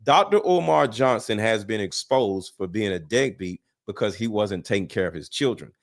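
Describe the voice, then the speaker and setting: A man debating with heat, his pitch swinging widely as he presses his point. He repeats himself for emphasis, swears freely and talks over the other side with "hold on" and "listen". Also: expressive, moderate pace, vocal fry. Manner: interrupts with 'listen' and 'hold on'. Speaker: guest debater. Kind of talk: heated debate.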